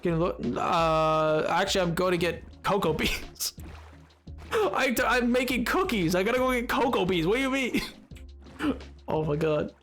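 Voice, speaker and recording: A man's voice: high voice, lively intonation, measured pace, fairly bright tone, soft background music. A man streaming a game live, chatting casually with his viewers in a rambling way and laughing often.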